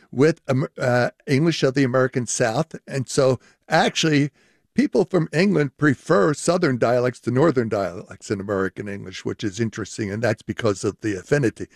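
A man's voice: mid-range voice, moderate pace, vocal fry, no echo, clean studio sound. An older man, a linguistics professor, explaining in a radio interview with many fillers.

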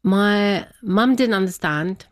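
A woman's voice: medium pitch, slow pace. A woman guest recounting a personal family story in casual conversation, laughing often and acting out what people said. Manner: chatty, laughs often, acts out quotes. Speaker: interview guest.

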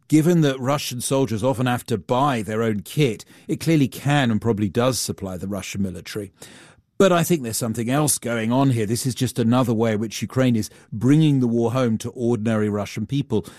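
A man's voice: medium pitch, darkish tone, no room sound. A man reporting as a global affairs correspondent in a radio newsroom studio, explaining steadily with some fillers. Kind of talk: news analysis in studio.

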